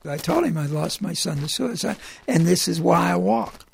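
A middle-aged man telling stories in the first person about walking across the country, in a plainspoken, conversational way with halting restarts. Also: sits high, animated, creaky, slightly rough.

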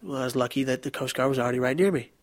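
Young man, earnest halting delivery, dry close sound. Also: mid-range voice, dry recording. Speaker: interviewee. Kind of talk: recounting personal story.

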